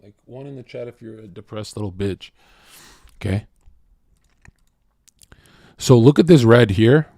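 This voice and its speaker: A man rants to his livestream chat in a brash, profane way. He jumps from shouting to near-whispered asides. The sound is dry and close, with no room echo. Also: unhurried, vocal fry, long pauses. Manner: brash, profane, swings from loud shouting to low murmuring. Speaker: streamer.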